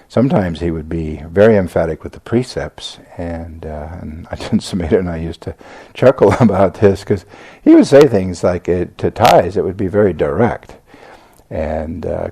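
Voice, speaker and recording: An older American man gives a reflective Buddhist talk with a deep voice. His tone is gravelly and mellow. He stops and restarts often and fills the gaps with "uh" and "you know.". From United States. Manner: halting, with many fillers and restarts. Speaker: Buddhist teacher giving a talk.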